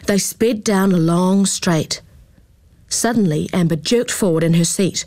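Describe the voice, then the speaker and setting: A woman reading a children's story aloud in a calm, expressive way. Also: fairly low pitch, measured pace, dry recording. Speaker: narrator.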